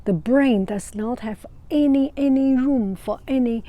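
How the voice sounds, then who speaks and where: A woman from China speaks English, telling a casual personal story. She is an art teacher who talks at an unhurried, drawn-out pace in a soft, warm, mellow voice. She often halts mid-phrase to find the right word and slips into quiet laughter. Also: high voice. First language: Mandarin Chinese. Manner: halting, searching for words, breaks into soft laughter.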